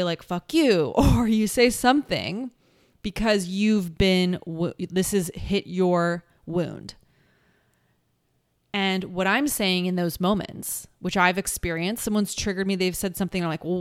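A woman hosting her own podcast, talking through a personal reflection in an earnest, searching way, restarting thoughts and slowing to lean on key words. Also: fairly low pitch, clean tone, no echo, clean studio sound. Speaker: podcast host. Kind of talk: reflective solo podcast talk.

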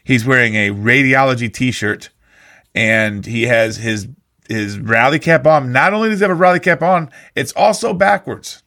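Male host, bright and sharp-edged voice, dry teasing questions. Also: mid-range voice, normal speed. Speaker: podcast host. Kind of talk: casual chat.

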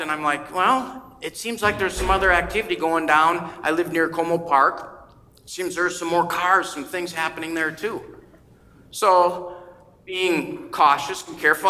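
Bright-voiced male pastor in an echoey hall. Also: a little high. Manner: conversational storytelling, acting out quoted voices. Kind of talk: sermon. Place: church sanctuary. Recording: echoey church hall with faint ambience.

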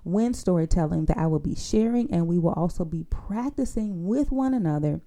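A woman teaching public speaking in a podcast, her voice low and very dark in tone. There is a gravelly fry in it as she works through her points, repeating key lines and checking in with her listeners. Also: animated, normal speed. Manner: coaching, often adds a tag question for agreement; repeats key phrases for emphasis. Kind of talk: instructional podcast monologue.

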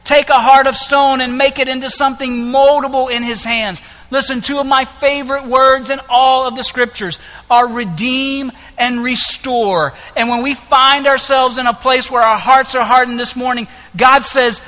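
A man preaching a sermon as pastor, impassioned, moving between hushed lines and loud ones. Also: very high voice, steady tone, moderate pace, hardly any pauses. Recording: echoey hall with long reverb.

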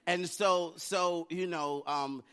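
Middle-aged American man, pastor, sermon, chatty storytelling that rises to fervor, fairly high voice. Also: steady tone, slow, fairly bright tone, clear, resonant tone. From United States. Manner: conversational storytelling building to preaching fervor.

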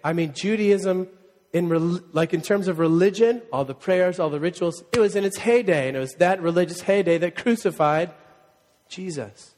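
A man preaching a sermon as pastor, animated and joking, leading the congregation in call-and-response. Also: sits high, normal speed. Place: church sanctuary. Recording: long reverb of a church hall.

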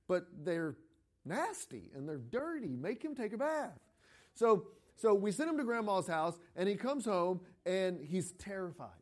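A middle-aged pastor delivers a sermon with a noticeably high-pitched voice. He speaks conversationally and animatedly, telling stories and slipping into quoted voices. His phrasing is loose, with frequent repeated words and restarts. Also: sing-song, a little slow, darkish tone.

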